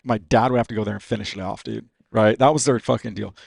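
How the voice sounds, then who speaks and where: Rapid-fire, gravelly-voiced man in his fifties, from California, swearing and dude-ing through his stories, dry close sound. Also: on the low side, no echo. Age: 50s. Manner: profane and animated, says "dude" constantly. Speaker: podcast guest, racer. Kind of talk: casual storytelling.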